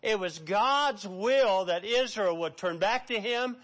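High-pitched preacher guy giving a sermon, dramatic, reads verses out loud. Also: expressive, slow. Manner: preachy, dramatic, reads scripture aloud, acts out quotes. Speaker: pastor.

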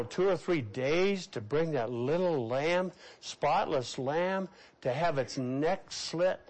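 A man preaching a sermon as a pastor, swinging between raised exclamations and hushed, slow phrases, and leading his congregation to repeat lines after him. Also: a little high, rough recording.

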